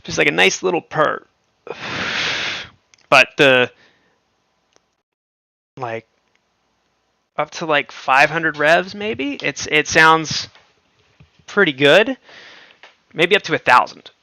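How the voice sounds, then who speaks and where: A man's voice: fairly high pitch, lively intonation, slow, creaky, pauses often, pushed and bright, no echo. A man hosting a livestream, chatting casually and rambling with lots of fillers and frequent laughs. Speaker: livestream host.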